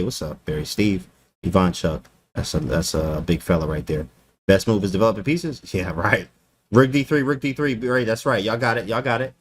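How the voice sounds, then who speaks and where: A man streaming live chess commentary, animated and joking, who talks in casual slang and laughs often. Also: fairly low pitch, slight background noise.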